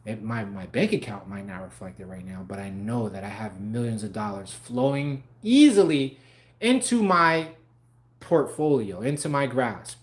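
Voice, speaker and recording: A man's voice: on the low side, big pitch swings, moderate pace. A young man on a livestream talking casually and animatedly, swearing freely and laughing often. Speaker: live stream host.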